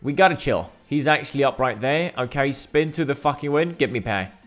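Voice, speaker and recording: A man doing excitable gameplay commentary as a gaming video host, swearing often and calling viewers bro and mate. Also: medium pitch, a little fast, faint music behind. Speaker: gaming YouTuber.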